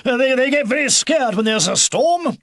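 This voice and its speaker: A man voicing an elderly male beaver, a steady, fatherly grandfather who breaks his orders with small hesitations. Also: extremely high pitch, moderate pace, no room sound, voice pushed up, heavily acted. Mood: urgent.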